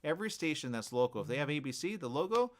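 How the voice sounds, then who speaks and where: A man's voice: on the high side, very animated, fast, slight background noise. A man hosting a morning radio show, talking in a rambling, repetitive monologue full of restarts and tag questions. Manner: repetitive, hesitant, keeps asking "okay?".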